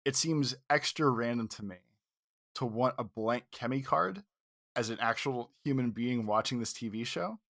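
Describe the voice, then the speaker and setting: A man's voice: mid-range voice, normal speed, fairly bright tone, no room sound, studio quality. A man co-hosting a casual reaction podcast, talking in a rambling, wry way. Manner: rambling, wry, acts out quotes. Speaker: podcast co-host.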